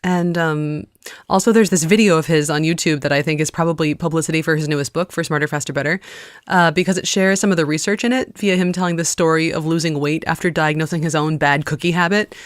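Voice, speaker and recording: A woman hosting a podcast, chatting casually in an upbeat, animated way. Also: sits low, quick pace, no room sound, studio quality. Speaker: podcast host. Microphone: studio mic.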